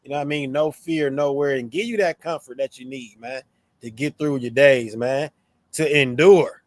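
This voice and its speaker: A man co-hosting a scripture talk in a relaxed, slangy way, switching into playful tones when he quotes. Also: medium pitch, normal speed, no room sound. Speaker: co-host of a scripture show. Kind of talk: casual religious discussion.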